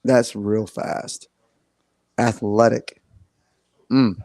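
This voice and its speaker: A man, a head soccer coach chatting as a radio guest, easygoing and laughing often, halting as he talks. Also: on the low side, steady tone, creaky, a little mellow, no echo. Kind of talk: casual radio chat.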